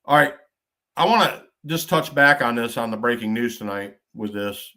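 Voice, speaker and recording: A middle-aged man from Michigan hosting a casual podcast. He talks bluntly in folksy trucker slang and curses freely. His pitch is average for a man. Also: animated, moderate pace, bright, forceful tone. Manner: blunt storytelling with frequent cursing. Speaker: podcast host.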